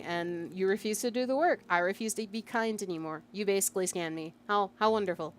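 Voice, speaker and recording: A woman streaming as a VTuber vents casually while reading out a chat log, exasperated and emphatic, full of fillers and bursts of laughter. Her medium-pitched voice is expressive and brisk with few pauses, and faint music plays behind her.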